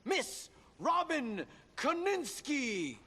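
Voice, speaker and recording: A showy stage announcer. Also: male voice, very high-pitched, wildly swooping pitch, extremely slow, pushed and bright, big-room sound, a little hiss or hum, exaggerated voice. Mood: grand. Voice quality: grand, theatrical delivery. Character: showy old-time male stage announcer, theatrical. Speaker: theater show announcer. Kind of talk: game character dialogue.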